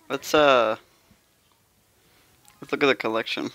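A young adult player chattering through a card-pulling session, swinging between pleading calls and delighted squeals. The voice is bright and a little gravelly, over a dry close sound. Faint music plays underneath. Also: medium pitch, sing-song, moderate pace, pauses often, no room sound. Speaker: gameplay streamer. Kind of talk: casual gacha gameplay commentary.

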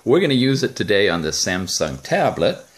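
A man's voice: fairly low pitch, sing-song, moderate pace. A man hosting a casual, chatty gadget demo from his rural home, enthusiastic and joking. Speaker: tech reviewer host.

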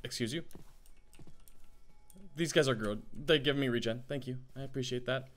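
A man with a groggy morning voice, chatting in a rambling, excitable way as he gives let's play commentary. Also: mid-range voice, moderate pace, soft background music. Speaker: gaming YouTuber.

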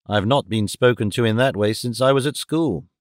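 Cynical young gentleman, mocking and deadpan, voiced by a male reader. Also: medium pitch, normal speed, no echo, close to an everyday voice. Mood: wry. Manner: dry, mocking asides. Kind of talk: audiobook reading.

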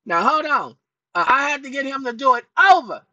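A man voicing his own cranky, childish male alter ego, excitable and stammering as he argues with an unseen helper. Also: very high-pitched, fairly quick, no echo, dull audio, heavily acted. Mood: excited. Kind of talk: comic put-on voice on a video channel.

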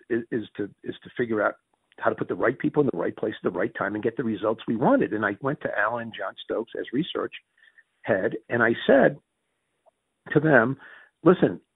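Fast gravelly man with a Yankee accent. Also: medium pitch, no room sound, narrow, tinny audio. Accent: Northern US. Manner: lively storyteller who acts out quoted dialogue with restarts. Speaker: interview guest. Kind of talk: animated business storytelling.

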